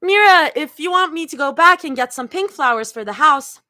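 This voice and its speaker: A woman's voice: high-pitched, sing-song, normal speed, bright, forceful tone, voice pushed up, exaggerated voice. A woman reading fan fiction aloud, voicing a weary young woman who keeps the peace, in a tired, soothing tone.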